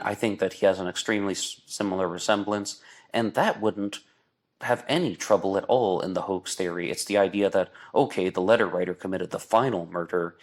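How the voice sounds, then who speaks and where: A man with a low, deep voice hosts an online radio show in casual, rambling commentary. He talks at length and slips into exasperated asides. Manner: talkative, exasperated asides, mocks with put-on voices. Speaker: podcast host. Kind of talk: casual true-crime commentary.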